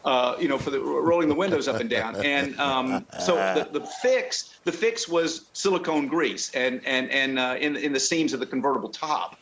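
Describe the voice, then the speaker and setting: A man's voice: medium pitch, a bit bright, rough recording. A man talking as a car club guest on a video call. He rambles and halts, restarting his sentences often. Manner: rambling, halting, with many restarts. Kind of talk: casual chat.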